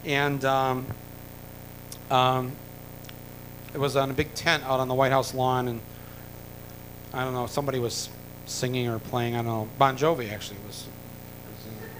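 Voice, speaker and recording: A man's voice: mid-range voice, little pitch movement, normal speed, long pauses, a bit bright, a little hiss or hum, poor audio. A man from the United States tells a long, rambling story with many fillers and restarts, dropping in wry jokes. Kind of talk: rambling anecdote told to an audience.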